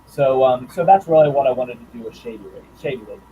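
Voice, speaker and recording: A man who writes and draws comics, talking about his work in a casual interview, thoughtful and halting with fillers and restarts. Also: medium pitch, warm tone, dull audio, a little hiss or hum. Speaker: comics writer and artist guest.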